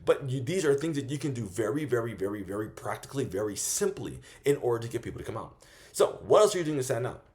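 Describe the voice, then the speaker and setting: A man coaching small vendors in a loose, profane style, acting out quick sales pitches as he goes. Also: sing-song, darkish tone. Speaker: business coach. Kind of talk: casual instructional monologue.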